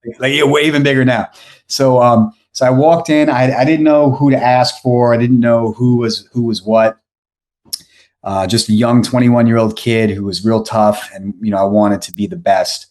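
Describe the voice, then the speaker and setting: A man's voice: medium pitch, steady tone, moderate pace, a little mellow. A man, telling a story on a podcast as the guest, rambling with many restarts and fillers. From New York. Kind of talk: casual storytelling.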